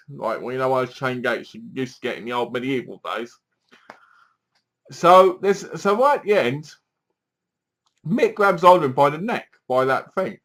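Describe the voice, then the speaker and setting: A man's voice: mid-range voice, fairly bright tone. A man giving a casual, rambling film review and retelling scenes in his own words. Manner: rambling and chatty, retells scenes with quoted lines. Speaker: movie reviewer.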